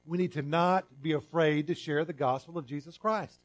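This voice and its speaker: A middle-aged man preaching a sermon as pastor, in a conversational way with restarts and repeated words, swinging between loud emphatic lines and quiet drawn-out phrases. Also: on the high side, steady tone.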